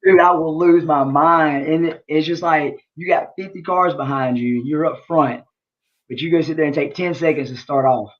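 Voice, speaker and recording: A man's voice: fairly high pitch, fairly even intonation, moderate pace. Laid-back man, dull sound. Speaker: guest, fighter and army veteran. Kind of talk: casual chat.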